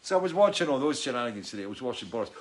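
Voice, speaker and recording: A man's voice: medium pitch, big pitch swings, rapid-fire. Rambling, sweary man. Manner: rambling and sweary, heavy on "you know". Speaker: show host. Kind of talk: casual livestream chat.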